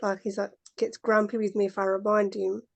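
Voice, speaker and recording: A woman talking to her coach over a video call. Her voice stays flat, with little rise and fall. She hesitates and fills her speech with "like" and "um". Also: mid-range voice, fairly quick, creaky, muffled recording. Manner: hesitant, full of fillers like "like" and "um". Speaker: client parent.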